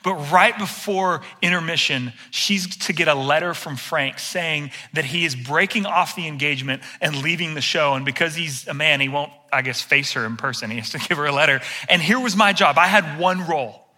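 A pastor with a very bright, tense edge to his voice tells a story on himself with plenty of humor. He is a middle-aged man, fairly high for a man, and he preaches in a lively, storytelling way. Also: moderate pace, hardly any pauses. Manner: animated storyteller, self-deprecating humor. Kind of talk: sermon with personal story.

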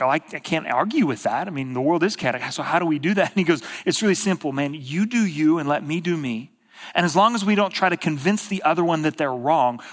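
A pastor giving a sermon in a casual storytelling manner, swinging from emphatic bursts to hushed quiet. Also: male voice, fairly high pitch. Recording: long reverb of a large hall.

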